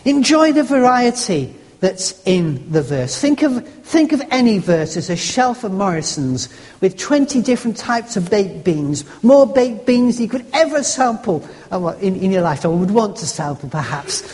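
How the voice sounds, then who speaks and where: A preacher giving a devotional teaching talk in a homely, conversational way, slowly rereading a verse with the stress on a new word each time. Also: medium pitch, very animated, darkish tone. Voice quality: homely, conversational, musing aloud with restarts. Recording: long reverb of a large hall.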